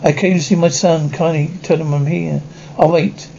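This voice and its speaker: A stern older father with a formal, commanding manner. His voice is mellow and sits slightly high. The sound is dull and lo-fi, like an old 1960s television soundtrack. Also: fairly even intonation, moderate pace, gravelly, a little hiss or hum. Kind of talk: 1960s TV drama acting.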